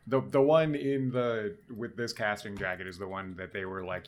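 A man's voice: lowish voice, fairly even intonation, moderate pace. A man co-hosting a casual podcast, telling stories in a rambling way with many restarts and casual swearing. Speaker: podcast co-host.

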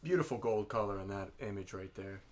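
A man co-hosting a casual podcast, laughing a lot and breaking into loud, goofy mock-ad voices. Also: on the low side, a little fast. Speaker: podcast co-host.

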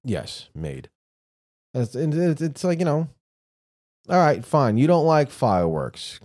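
A man's voice: medium pitch, huge pitch swings, measured pace, darkish tone. A man co-hosting a casual podcast chat, ranting and mocking with heavy swearing. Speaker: podcast co-host.

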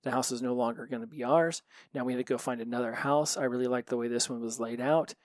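A man's voice: medium pitch, fairly even intonation, fast talker, no room sound. A man hosting a solo podcast, talking in a frank, reflective way and swearing freely. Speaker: podcast host. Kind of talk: candid solo podcast monologue.

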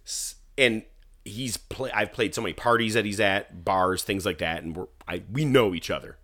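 A man telling a story in casual chat, animated and profane, acting out what people said. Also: deep voice, normal speed. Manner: animated, profane, acts out quotes. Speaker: guest musician telling a story.

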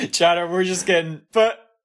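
A man's voice: high voice, measured pace, a bit bright. A man chatting as a podcast guest, laid-back and self-deprecating. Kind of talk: casual podcast chat.

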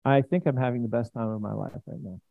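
A male pastor gives a chatty, enthusiastic sermon in a church and keeps turning to speak directly to his congregation. His voice sits at an ordinary middle pitch. The recording is dry, with no room sound, and its narrow band makes it sound like a phone line. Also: quick pace, vocal fry, no echo. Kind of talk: conversational sermon.

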